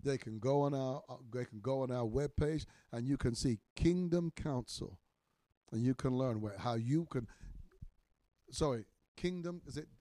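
A man in his sixties, a minister teaching in a podcast sermon, emphatic and repetitive, his voice swelling loud on key words. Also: medium pitch, normal speed, dry recording. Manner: repeats phrases for emphasis.

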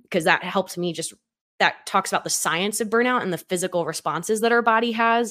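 A woman with a slightly low-pitched voice talks openly on a podcast. She tells a personal story in a reflective, conversational way and leans on filler words. The talk is relaxed and unscripted. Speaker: podcast co-host. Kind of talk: casual chat.

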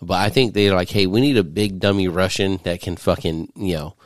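A man's voice: sits low, fairly quick, dry recording, studio quality. A man hosting a podcast, recapping a movie in casual, profane chat and laughing often. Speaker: podcast host. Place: studio.

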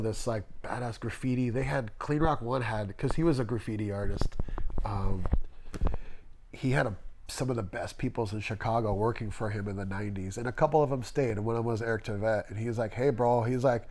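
A man's voice: mid-range voice, moderate pace, a little mellow. A man in his thirties from Las Vegas, a tattoo artist telling candid, emotional stories in a casual interview and swearing freely.

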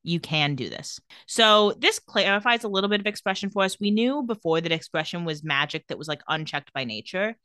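A woman's voice: mid-range voice, brisk, hardly any pauses, bright, forceful tone, no echo, studio quality. A woman co-hosting a podcast, recapping a TV episode in casual chat with sassy asides.

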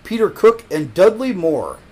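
Sing-song and mellow, this co-host's high-pitched voice moves a little slowly as he offers trivia on a casual podcast. He's hesitant, quick to laugh, and his speech is packed with fillers and restarts.

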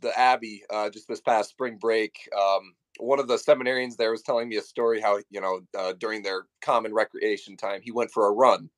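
A man's voice: lowish voice, a little fast, few pauses, dry recording. A young adult man, a podcast guest, telling stories in a casual, easygoing way. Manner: lively, easy storyteller with fillers. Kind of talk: casual chat.

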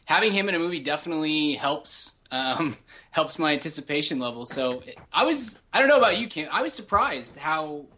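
A man's voice: fairly high pitch, big pitch swings, a little fast, sharp tone. A man co-hosting a podcast in casual movie chat, rambling with many restarts. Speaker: podcast co-host.

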